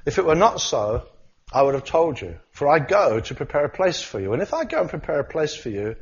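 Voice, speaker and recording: A man preaching a sermon, swinging from loud cries to quiet asides. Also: fairly high pitch, big pitch swings, a little fast. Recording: slightly dull sound.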